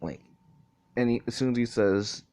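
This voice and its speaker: A man's voice: mid-range voice, moderate pace, a little mellow. Rambling young man telling a story. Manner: rambling, profane, self-correcting. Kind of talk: casual fan-fiction storytelling.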